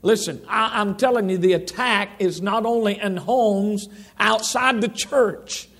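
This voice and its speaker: A middle-aged man preaches in a church sanctuary, his voice high-pitched and fairly bright, moving at an unhurried pace. His sermon is folksy and rambling, full of restarts and asides to the congregation.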